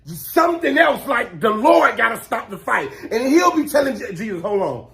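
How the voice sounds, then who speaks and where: Male comic, high voice, loud animated rants, slangy drawl. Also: moderate pace, creaky. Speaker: comedy creator. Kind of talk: comedic monologue.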